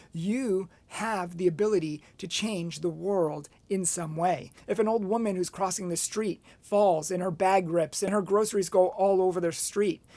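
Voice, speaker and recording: A man's voice: high-pitched, no echo. A man giving a motivational Catholic talk, telling a personal story and acting out what people said. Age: adult, past college. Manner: animated storyteller with acted-out quotes. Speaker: Catholic speaker.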